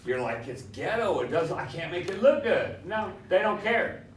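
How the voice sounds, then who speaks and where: A man's voice: high voice, sing-song, normal speed. A male welding instructor who lectures his class in a swaggering storytelling way and quizzes his students as he goes. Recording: echoey classroom, far from mic, faint hiss.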